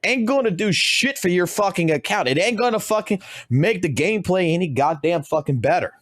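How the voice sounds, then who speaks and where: A man's voice: high-pitched, animated, fairly quick, no echo, clean studio sound. A man streaming a game, ranting heatedly about spending and swearing constantly. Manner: heated, heavily profane ranting. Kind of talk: ranting reaction commentary.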